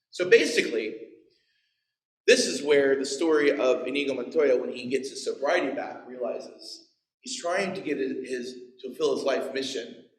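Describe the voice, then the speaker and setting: A man's voice: mid-range voice, echoey room, low-quality recording. A man in his forties preaching a sermon, telling the story with playful asides and acted-out quotes. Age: 40s. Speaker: pastor. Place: church.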